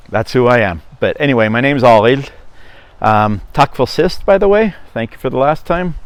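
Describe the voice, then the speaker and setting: A middle-aged man from Norway with a Norwegian accent, chatting casually and rambling on his vlog, often correcting himself. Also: lowish voice. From Norway (Stavanger). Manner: rambling, self-correcting, chuckling. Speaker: vlogger.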